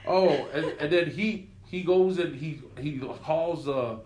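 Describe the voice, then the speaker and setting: A man's voice: fairly high pitch, unhurried. A man in his fifties telling stories casually as an interview guest, acting out other people's lines as he goes. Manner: lively storyteller who acts out others' lines. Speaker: radio personality guest. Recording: echoey room.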